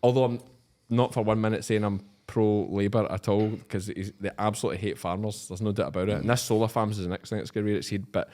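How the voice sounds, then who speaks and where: A man hosting a casual farming podcast chat, teasing and pushing his guests with quick questions. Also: lowish voice. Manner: animated, teasing, leading the talk with quick questions. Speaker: podcast host.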